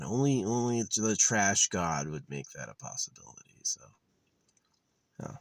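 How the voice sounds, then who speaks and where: A man's voice: on the low side, moderate pace, no room sound. A man in an outdoor vlog delivering an angry, profane, sarcastic rant full of contempt. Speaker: vlogger. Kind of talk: angry ranting monologue.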